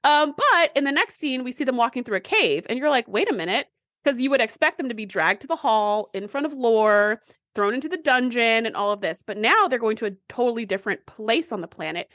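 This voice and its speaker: Animated woman recapping with acted-out lines. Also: fairly high pitch, fairly quick, dry recording, studio quality. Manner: animated storyteller acting out characters' lines. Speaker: podcast co-host. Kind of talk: casual recap chat.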